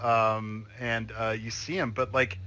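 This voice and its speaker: Bright-voiced man narrating as game master. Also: medium pitch, level tone, unhurried. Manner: casual, hesitant with fillers.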